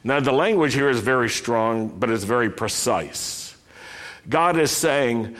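A man preaching a sermon, speaking deliberately and lifting his voice when he reads a passage aloud. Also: mid-range voice, lively intonation, a bit bright. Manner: slow, deliberate delivery with emphatic rising quotations.

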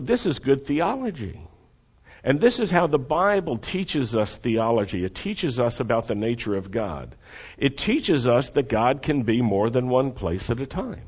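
A man preaching a sermon with expressive delivery, leading the congregation to repeat lines after him. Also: medium pitch, husky, lo-fi sound. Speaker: pastor.

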